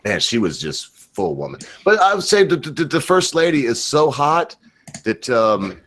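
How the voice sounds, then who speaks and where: A man's voice: fairly high pitch, sing-song, unhurried, a bit bright. A drunk man from Michigan hosting a casual livestream chat, crude and rambling. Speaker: livestream host.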